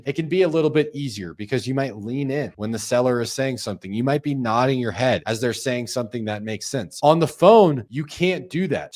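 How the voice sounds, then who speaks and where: A man teaching sales technique to reps, talking emphatically and acting out sample calls. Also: medium pitch. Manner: emphatic, acts out sample calls in quick voices. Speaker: sales trainer. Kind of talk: coaching explainer video.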